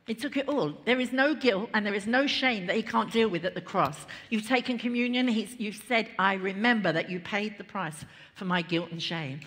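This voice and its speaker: Female pastor, lively chatty preaching, mid-pitched voice, long church reverb. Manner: lively, conversational preaching with laughs and asides. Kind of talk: sermon. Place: large church hall.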